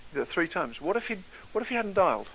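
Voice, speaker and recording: A British man speaking to an audience as a motivational speaker, telling his story in a conversational tone. He often turns to his listeners with questions. His voice is bright and a touch high. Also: big pitch swings, fast talker, vocal fry, slight background noise, rough recording. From Britain.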